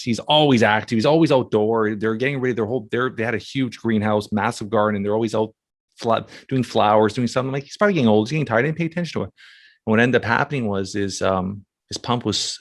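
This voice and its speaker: A man hosting a podcast who speaks in a halting, emotional way, restarting often as he talks about family. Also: lowish voice, dry recording. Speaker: podcast host. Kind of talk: casual conversation.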